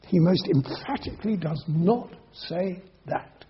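High-voiced husky preacher. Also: male voice, animated. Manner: emphatic, slows and repeats key phrases. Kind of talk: sermon. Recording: dull lo-fi sermon recording.

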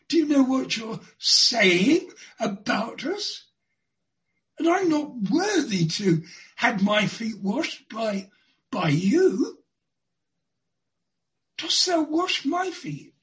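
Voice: medium pitch, dull audio. A preacher giving a sermon, stretching out key words for emphasis.

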